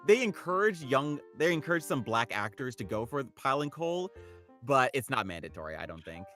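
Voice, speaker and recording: Guy on a podcast reading casting notes, excited, voice jumps around a lot. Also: medium pitch, a little fast, soft background music. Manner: enthusiastic, gushing. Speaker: podcast co-host. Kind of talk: casual chat, reading casting info.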